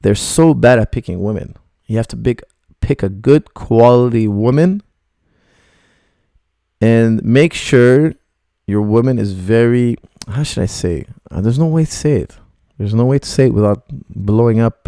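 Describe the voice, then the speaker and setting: Blunt gravelly-voiced male coach. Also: medium pitch, measured pace, warm tone, dry recording, studio quality. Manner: blunt, rambling, reads out viewer questions. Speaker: martial arts coach. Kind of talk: live Q&A stream.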